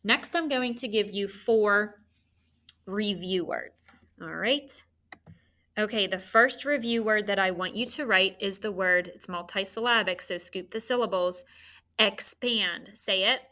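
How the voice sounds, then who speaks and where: A woman's voice: mid-range voice, unhurried, pushed and bright. A woman teaching a children's phonics lesson, spelling out letters and encouraging the students.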